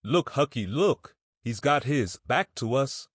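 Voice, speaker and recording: A man's voice: medium pitch, animated, slow pace, slightly rough, no echo, studio quality, pitched above the performer's own voice. A man voicing a mischievous, scared young boy with a rustic drawl in a storybook reading. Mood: frightened. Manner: rustic drawling boyish talk.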